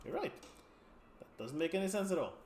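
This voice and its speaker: A man's voice: sits high, sing-song, brisk, darkish tone, roomy sound, slight background noise. A man doing a genteel two-faced sideshow man. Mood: politely amused.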